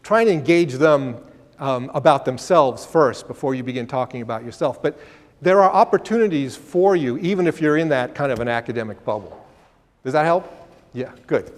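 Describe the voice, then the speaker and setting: A man's voice: medium pitch, expressive, normal speed, in a large hall. A man giving a career workshop, answering audience questions in an emphatic, conversational way and often restarting his phrases.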